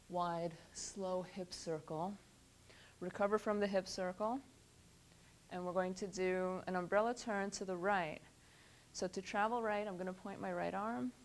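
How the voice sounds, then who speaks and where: A woman's voice: mid-range voice, a little mellow. Woman calling out dance counts. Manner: calls out counts and moves in short cues. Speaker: dance instructor. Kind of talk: step-by-step dance instruction.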